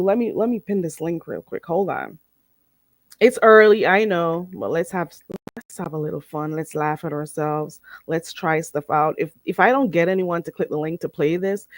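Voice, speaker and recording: A woman's voice: lowish voice, no room sound. A woman hosting a casual livestream, chatty and blunt, teaching phrases with many fillers.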